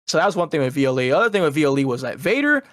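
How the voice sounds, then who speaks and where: A man chatting on a podcast, animated and profane, acting out what others said. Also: a little high, very fast. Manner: animated, profane trash talk, acts out quotes. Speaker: podcast guest. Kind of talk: casual chat, storytelling.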